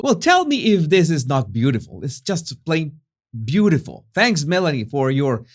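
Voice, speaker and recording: A man hosting a commentary vlog, animated and chatty, with frequent fillers and restarts. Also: fairly high pitch, normal speed. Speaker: host.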